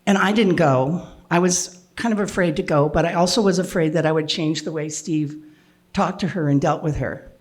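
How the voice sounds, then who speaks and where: An older woman with a slightly low voice tells a true personal story to an audience. She talks in a plain conversational way, with halting restarts and the odd cleared throat. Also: darkish tone.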